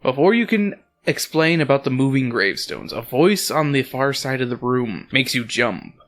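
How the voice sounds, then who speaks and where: A man's voice: mid-range voice, normal speed. A man hosting a podcast, reading a story aloud with crude comedic asides. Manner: animated, joking, crude asides. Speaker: podcast host and reader.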